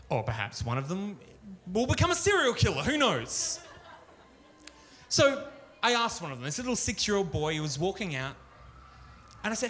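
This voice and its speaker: Crude, ranting stand-up comedian. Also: male voice, a little high, very animated, normal speed, fairly bright tone. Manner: crude, ranting, swears a lot. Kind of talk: live stand-up routine. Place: pub stage, live show.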